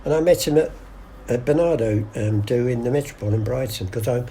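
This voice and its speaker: Older man, chatty anecdotal guest, mellow tone, slight background noise. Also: medium pitch, brisk. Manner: chatty yarn-spinner acting out voices, many restarts. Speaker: guest storyteller. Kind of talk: casual anecdotal interview.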